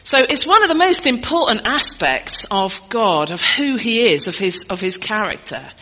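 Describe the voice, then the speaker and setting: A middle-aged woman preaches to her congregation. Her voice is bright and sharp. She talks in a chatty, teaching way and keeps putting questions to her listeners. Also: on the high side, lively intonation, normal speed, low-quality recording. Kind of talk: sermon.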